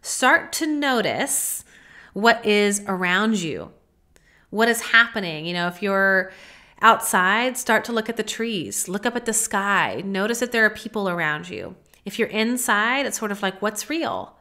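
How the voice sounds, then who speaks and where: A woman hosting a solo podcast from her home office, coaching listeners in a gentle, casual way with plenty of "like" and "you know.". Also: medium pitch, expressive, normal speed. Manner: gentle, coaching, speaks softly when modeling self-talk. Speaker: podcast host. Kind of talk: solo podcast monologue on mindfulness.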